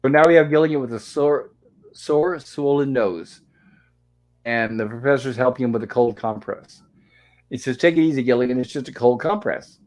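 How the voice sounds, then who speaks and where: A man's voice: mid-range voice, unhurried, pauses often, a little mellow. A man hosting a live stream, chatting casually and reading dialogue aloud with little acting. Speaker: host of a live-streamed show. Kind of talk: casual episode recap, reading lines aloud.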